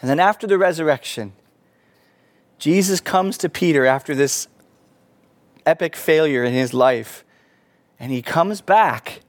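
A man preaching a sermon, earnest, rising to emphatic peaks and falling back soft. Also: a little high, a little slow, long pauses, dry recording. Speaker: pastor.

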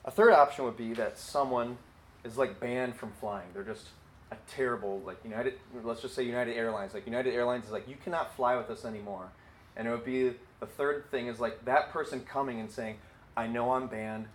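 A man's voice: medium pitch, fairly quick, low-quality recording. Man, casual Bible teaching, conversational with fillers, faint background noise. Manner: conversational, with many fillers and acted quotes.

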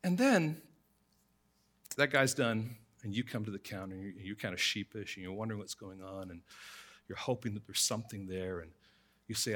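A man's voice: lowish voice, fairly quick, fairly bright tone. A man preaching a sermon, speaking directly to the congregation and telling everyday stories to illustrate scripture. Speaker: pastor.

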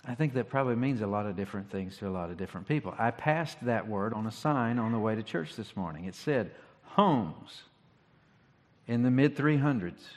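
A pastor giving a sermon, talking in a conversational, reflective way with rhetorical questions. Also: male voice, on the low side, lively intonation, fast talker, few pauses. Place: church sanctuary. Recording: long hall reverb.

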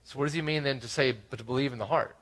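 A man preaching a sermon, explaining scripture verse by verse with frequent "right?" asides, swinging between loud emphasis and quiet asides. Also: medium pitch, racing, poor audio. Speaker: pastor.

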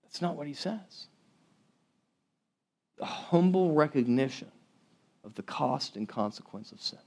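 A high-voiced man delivering a sermon as a pastor. He speaks conversationally and emphatically, often restarting phrases and tossing asides to his listeners. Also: expressive, a little slow, creaky, darkish tone.

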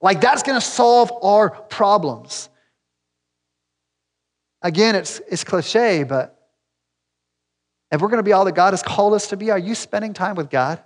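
A man's voice: high voice, lively intonation, measured pace, long pauses, big-room sound. A man preaching a sermon as pastor, talking to the congregation in a direct, conversational and emphatic way. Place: church sanctuary.

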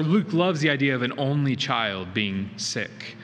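A man's voice: on the high side, normal speed, hardly any pauses, a bit bright. A male pastor preaching a sermon in a church, earnest and emphatic, with rhetorical questions. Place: church sanctuary. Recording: reverberant hall with faint noise.

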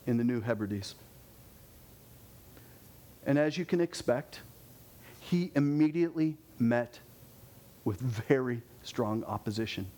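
A man preaching a sermon, animated, his voice climbing with intensity and dropping low to close points.

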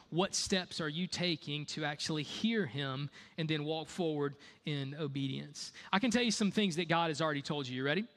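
A male pastor delivering a sermon in a casual, conversational way. His voice sits fairly high for a man, and he leans on repetition and pointed rhetorical questions to drive each point home. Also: fairly bright tone, in a large hall. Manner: conversational, repeats key phrases, rhetorical questions.

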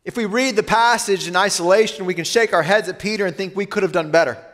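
Male pastor, high voice, earnest sermon delivery, reverberant church hall. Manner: earnest, slows and softens for weighty lines.

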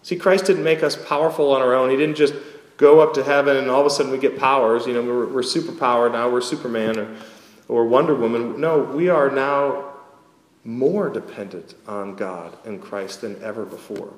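A man preaching a sermon as pastor, earnest and lively with wry asides, in a church sanctuary. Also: medium pitch, moderate pace. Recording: echoey hall with long reverb.

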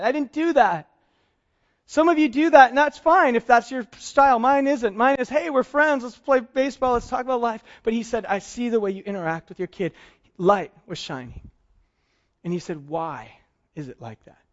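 A man's voice: very high voice, animated, normal speed, highs cut off. A middle-aged male pastor preaching a conversational sermon, acting out both sides of dialogues with self-deprecating humor. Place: church service.

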